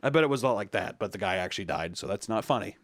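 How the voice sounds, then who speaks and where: A young man hosting a comedic commentary, casual and animated, swearing freely. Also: on the low side, very fast, slight background noise. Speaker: host.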